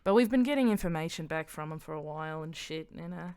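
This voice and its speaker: A woman's voice: low-pitched, lively intonation, quick pace, a little mellow, smooth. A woman voicing a brash, foul-mouthed woman pirate captain with a put-on Australian accent, crude and offhand. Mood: grumbling.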